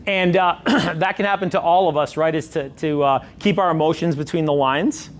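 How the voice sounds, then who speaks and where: Man, middle-aged, sales coach, emphatic, repetitive, slightly high voice, faint background noise. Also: normal speed. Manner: emphatic, repeats points, animated asides. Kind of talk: coaching session talk.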